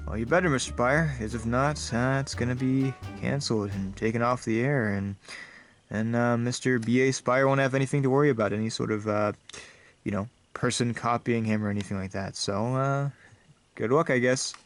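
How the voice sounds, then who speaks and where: A sleazy lawyer who rambles along, a little lower and quieter than a normal speaking voice, as a man puts him on. He trails off, hesitates, and mumbles his way through his threats. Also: fairly even intonation, moderate pace, soft background music, natural voice. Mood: smug. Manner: hesitant, mumbling, full of fillers. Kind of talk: comedy sketch.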